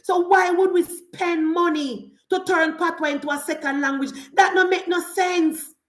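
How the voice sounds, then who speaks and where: A woman's voice: very high-pitched, fairly even intonation, normal speed, a bit bright, echoey room. A Jamaican woman giving an emphatic political rant in patois-laced speech, repeating rhetorical refrains. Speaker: political commentator.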